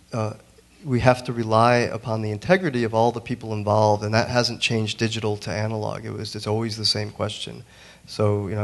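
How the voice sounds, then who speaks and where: A man on a museum panel, a digital printmaker telling a story in an earnest, halting way with many restarts. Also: on the low side. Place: museum auditorium.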